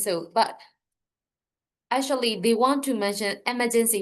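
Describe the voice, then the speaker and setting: A woman from Myanmar with a Burmese accent, teaching an online English class and explaining slowly and carefully. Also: fairly high pitch. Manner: slow, careful explaining, stressing example words.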